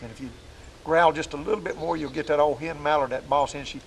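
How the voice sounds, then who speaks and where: Out in the woods, this duck call instructor runs a hunting call lesson in a homespun, no-frills manner, showing how each call sounds. He speaks quickly in a high-leaning, steady, creaky voice, captured on a low-quality recording.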